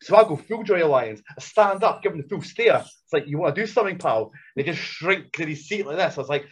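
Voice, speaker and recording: A man, a podcast guest, telling loud, excitable stories full of swearing and acted-out quotes. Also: a little high, fast, breathy edge. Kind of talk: animated storytelling. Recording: dull lo-fi podcast audio.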